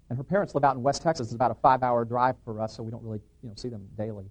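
A middle-aged man giving an animated testimony in church, acting out dialogue and restarting his sentences. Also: mid-range voice, quick pace. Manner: excited, acts out dialogue, frequent restarts. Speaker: guest speaker giving testimony.

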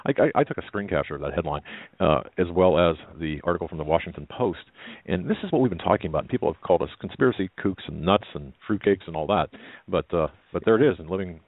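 A man hosting a talk radio show, halting and often repeating his words. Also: deep voice, no echo, narrow, tinny audio.

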